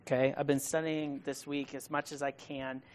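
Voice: medium pitch, little pitch movement, normal speed. Chatty, emphatic preacher. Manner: chatty, rhetorical questions, modern slang paraphrase; builds to loud emphatic bursts. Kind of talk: casual conversational sermon.

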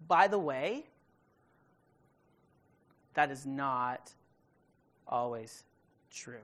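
A woman preaching a sermon, retelling a story in a casual, conversational way with quick asides to the listeners. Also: a bass voice.

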